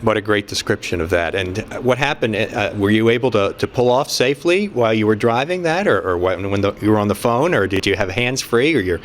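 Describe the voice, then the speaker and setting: A man's voice: on the low side, expressive, fairly quick, few pauses, a little hiss or hum. A male interviewer asking questions and rephrasing them as he goes.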